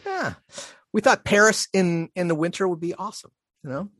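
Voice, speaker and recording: A man with a somewhat high voice chats casually on a podcast, meandering and self-deprecating. His voice sounds close and dry. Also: lively intonation, a little fast, a bit bright, no room sound. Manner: laughs often, rambling and self-deprecating. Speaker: podcast co-host. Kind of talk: casual chat.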